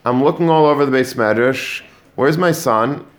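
A man giving a Torah lesson to students, animated, often repeating words and mixing in Hebrew and Yiddish terms. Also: medium pitch, normal speed. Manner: animated, repeats words while building a point. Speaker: Torah teacher. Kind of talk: religious lecture to students.

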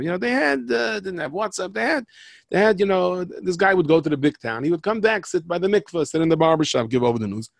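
A man's voice: a little high, vocal fry, dry recording, studio quality. A man telling stories and parables in a rambling, conversational way that often breaks off and restarts. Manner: rambling, conversational, self-interrupting. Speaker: speaker, storyteller. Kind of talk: storytelling talk with jokes and parables.

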